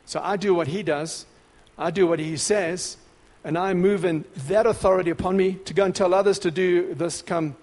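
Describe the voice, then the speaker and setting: Male preacher, high-pitched, emphatic repeated phrases, long hall echo. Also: normal speed, hardly any pauses. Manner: emphatic, repetitive exhortation; grows louder and more excited. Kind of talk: sermon.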